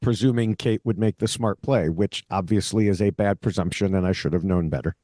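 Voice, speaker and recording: A man's voice: low-pitched, brisk, warm tone, no room sound, studio quality. A man co-hosting a podcast in casual chat, talkative and prone to going off on tangents. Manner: chatty, goes off on tangents. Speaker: podcast co-host.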